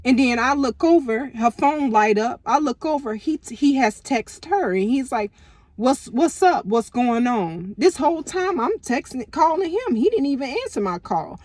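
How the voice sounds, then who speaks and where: Young woman, storytime vlogger, brash and profane, slightly high voice, dry close mic. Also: normal speed, few pauses, dry recording. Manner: animated, profane, lots of slang. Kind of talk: casual storytelling.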